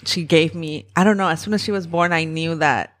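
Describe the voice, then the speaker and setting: A woman hosting a podcast, chatting casually, quick to agree and laugh with her guest. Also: low voice, fairly even intonation, fairly bright tone. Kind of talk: casual conversational chat.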